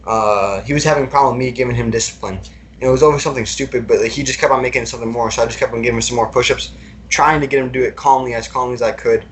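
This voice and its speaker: A man's voice: medium pitch, steady tone, very fast, a little hiss or hum. A young man recounting personal experiences as a podcast guest, talking casually with lots of fillers and repeated words.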